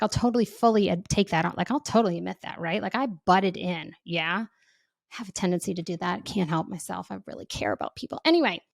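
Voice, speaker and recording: A woman's voice: mid-range voice, dry recording, clean studio sound. Candid, chatty woman podcast host. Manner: candid, chatty, lots of filler words. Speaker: podcast host and parenting coach. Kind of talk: personal storytelling monologue.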